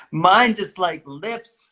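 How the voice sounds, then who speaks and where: A man's voice: high-pitched, lively intonation, drawn-out words, bright, forceful tone. A middle-aged man riffing playfully in casual chat on a video call from home. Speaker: guest.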